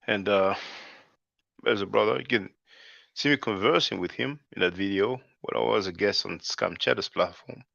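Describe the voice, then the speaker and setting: A man's voice: on the low side, moderate pace, creaky, pushed and bright, dry recording. A man hosting his channel, talking loosely in a casual commentary monologue and calling his viewers brothers and sisters. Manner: loose and conversational, often says "man". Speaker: channel host. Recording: dull lo-fi dry recording.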